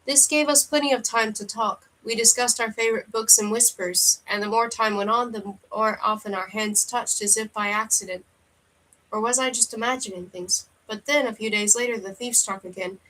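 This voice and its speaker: A woman reading a novel aloud in first person, steady with the odd slip and restart. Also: on the high side, normal speed, rough recording. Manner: steady first-person narration with occasional slips. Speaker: audiobook reader.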